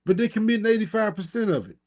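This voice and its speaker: A man commentating on a live stream, mocking and sarcastic, his voice jumping up high when he scoffs and talking straight at his audience. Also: animated, fast talker, a little mellow. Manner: talks directly to the audience. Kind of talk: reacting to a replayed live stream.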